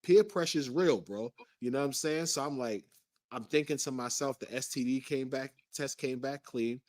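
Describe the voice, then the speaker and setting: A man's voice: mid-range voice, moderate pace, a little mellow, no room sound, clean studio sound. A man as an interview guest, recounting a personal story in an earnest way.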